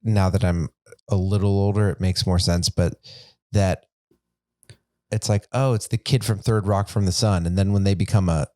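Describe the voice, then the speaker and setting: Rambling podcast co-host, casual man, lower-pitched, dry recording. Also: fairly even intonation, normal speed, mellow, dry recording. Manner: rambling, many likes and restarts. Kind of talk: casual chat.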